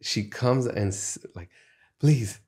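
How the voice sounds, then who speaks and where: Man, podcast guest, low voice, earnest, reflective, storytelling. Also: steady tone, normal speed, a little mellow. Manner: earnest, reflective, speaks in life lessons. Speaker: podcast guest, music executive. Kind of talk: conversational interview storytelling.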